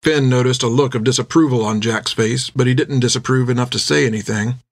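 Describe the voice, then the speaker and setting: A man's voice: mid-range voice, fairly even intonation, fairly quick, dry recording, studio quality. Man narrating an audiobook.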